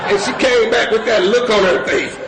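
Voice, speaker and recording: A middle-aged man telling his story to a recovery meeting in loose, animated talk full of "you know" and "man". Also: high voice, normal speed, over a noisy crowd. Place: meeting hall with an audience. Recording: echoey room with audience and background noise.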